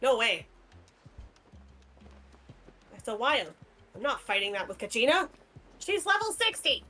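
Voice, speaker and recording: A woman's voice: a little high, sing-song, unhurried, bright, forceful tone. A young adult woman guesting on a game stream, teasing and laughing a lot in casual chat. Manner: playful, teasing, laughs often.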